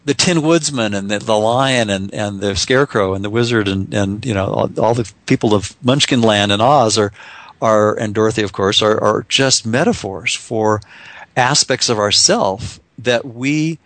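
A man's voice: fairly low pitch, normal speed, fairly bright tone, no echo. A man talking in a casual, reflective way as a guest author, often restarting and repeating words.

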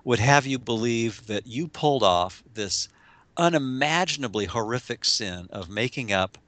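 A man discussing spiritual ideas in a casual, halting way, full of restarts and fillers, sometimes laughing and acting out little voices. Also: mid-range voice, expressive, a bit bright, no room sound. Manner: laughs often, acts out voices in quotes. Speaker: spiritual teacher.

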